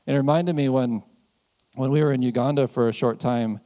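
Mellow-voiced man preaching in a reverberant hall. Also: medium pitch, steady tone, moderate pace. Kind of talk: conversational sermon with personal stories.

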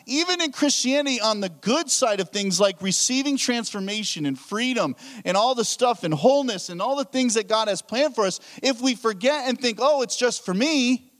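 A pastor preaching a sermon, telling a story and acting out his own thoughts. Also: sits high. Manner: animated storytelling with acted-out inner thoughts.

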